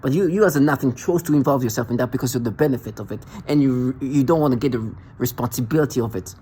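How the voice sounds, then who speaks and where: A man's voice: medium pitch, quick pace, mellow, a little hiss or hum. A man delivering an angry, accusatory monologue to the camera, ranting and repeating himself in a confrontational way. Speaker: vlogger.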